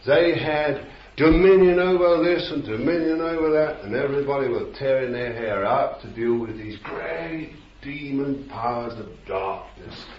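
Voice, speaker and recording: A male preacher giving a rambling sermon, repeating words and rising to sudden shouts. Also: mid-range voice, measured pace. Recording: roomy, dull, slightly noisy old recording.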